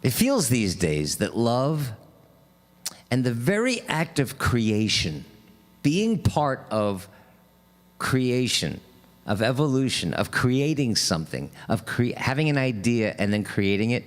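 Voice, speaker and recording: A singer-songwriter man chatting casually between songs on a live stream, halting and rambling with many fillers. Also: medium pitch, very animated.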